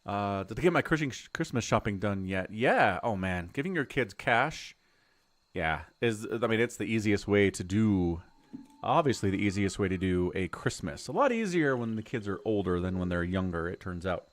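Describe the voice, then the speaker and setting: A middle-aged man chatting his way through a game stream, his pitch swinging up and down as he talks. The sound is close and dry, with no room around it. His talk rambles along as he explains what is happening on screen. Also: very animated, normal speed, no echo. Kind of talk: casual live-stream commentary.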